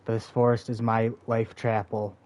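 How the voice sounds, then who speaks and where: A man's voice: on the low side, completely flat delivery, measured pace, darkish tone, lightly acted. A man reading aloud the lines of a proud, bitter forest seer who is a mother, in a stern, defiant, dismissive manner. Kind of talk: reading game dialogue aloud.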